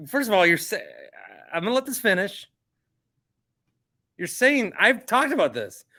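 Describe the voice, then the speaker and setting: A man's voice: sits high, sing-song, moderate pace, bright, forceful tone. A man hosting a podcast, reacting in casual chat, exasperated and stammering as he repeats himself. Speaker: podcast host.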